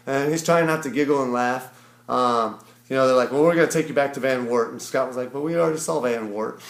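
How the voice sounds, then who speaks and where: A man from Ohio recaps a long trip in a loose, rambling vlog monologue, stopping often for fillers and quoting others along the way. His voice sits in a middle pitch. The room gives it a noticeable echo. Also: brisk, gravelly. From Ohio, USA. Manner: rambling, filler-heavy, quotes people as he tells it. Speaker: vlogger. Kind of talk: casual storytelling recap.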